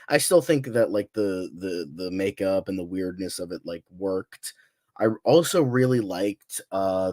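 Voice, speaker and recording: A man's voice: on the low side, no echo. Sick, nasal man ranting bluntly. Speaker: movie reviewer on a panel. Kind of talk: casual chat.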